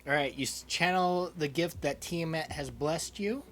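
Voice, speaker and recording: Halting male game master. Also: fairly high pitch, fairly bright tone. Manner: halting narration with restarts. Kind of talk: narrating a tabletop game.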